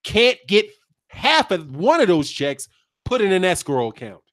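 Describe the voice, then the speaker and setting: A man hosting a boxing channel stream, chatty and animated, talking straight to his viewers and laughing often. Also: high voice, measured pace. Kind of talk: live-stream boxing commentary.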